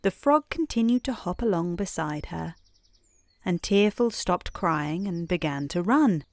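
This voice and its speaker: A British woman reading a bedtime story in a calm, soothing, unhurried way. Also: fairly low pitch, no room sound, studio quality.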